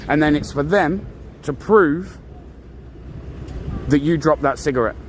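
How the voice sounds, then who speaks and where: A man, an auditor filming officials on a city street, argues and repeats himself insistently into a handheld camera. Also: mid-range voice. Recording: loud street noise.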